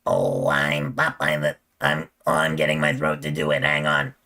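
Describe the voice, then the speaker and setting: A man voicing a gruff old cartoon sailor, gravelly and throaty, growling slowly. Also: extremely low pitch, animated, pushed and bright, voice pushed down, exaggerated voice. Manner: slow squinting growl, halting.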